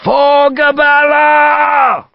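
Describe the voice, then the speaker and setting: A man's voice: very high voice, little pitch movement, very slow, gravelly, dry recording, dull audio, pitched above the performer's own voice, full character voice. A man voicing an army officer who bellows rallying cries during a charge. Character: male army officer leading a bayonet charge.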